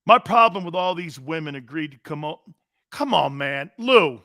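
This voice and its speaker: A man hosting a sports talk show, telling stories in a loose, animated way and slipping into squeaky impressions. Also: moderate pace, no echo, clean studio sound. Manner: animated storyteller, does squeaky impressions and shouts. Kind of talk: casual sports radio talk.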